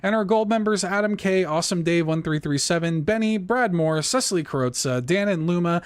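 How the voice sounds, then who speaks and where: A man hosting a casual gaming podcast, chatty and quick to laugh, reading off a list of supporter names. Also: high voice, smooth, no echo, studio quality. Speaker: podcast host. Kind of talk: casual chat.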